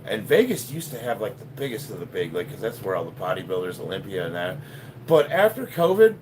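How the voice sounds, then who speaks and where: Lively, profane man in his fifties. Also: fairly low pitch, fairly quick, background noise. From Chicago, United States. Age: 50s. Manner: profane, joking, laughs often. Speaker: powerlifter live-streaming a workout. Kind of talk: casual live-stream chat reading comments.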